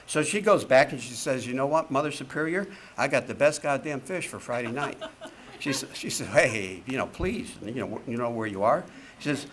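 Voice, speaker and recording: A man's voice: medium pitch, lively intonation, fairly quick, fairly bright tone. A man in his seventies giving a talk to a recovery meeting, telling jokes and stories with a wisecracking manner and plenty of swearing. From Connecticut, USA. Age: 70s. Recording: faint background noise, archive talk recording.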